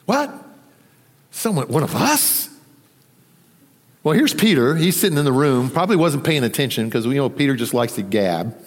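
A man preaching a sermon, conversational and animated, acting out the voices in the story. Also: mid-range voice, fast, few pauses, long reverb tail. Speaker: pastor.

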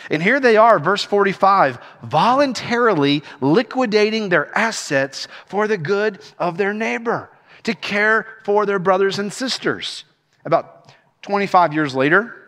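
A middle-aged man with a high voice, a senior pastor, preaches a sermon in a space with a long reverb tail. He is an animated storyteller who laughs as he tells his stories.

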